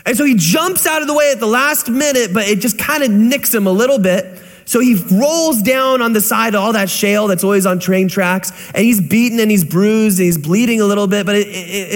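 Young male pastor with a high, animated voice. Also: long reverb tail. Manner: animated storyteller, acts out voices and sounds. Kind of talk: sermon.

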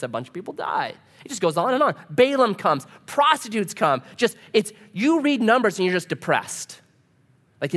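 A pastor preaching a casual, humorous sermon, full of rhetorical questions. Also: male voice, high voice, fairly bright tone.

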